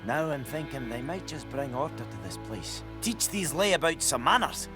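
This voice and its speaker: An actor playing a gruff, grumbling village blacksmith in a video game. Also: male voice, mid-range voice, expressive, moderate pace, over music, close to an everyday voice.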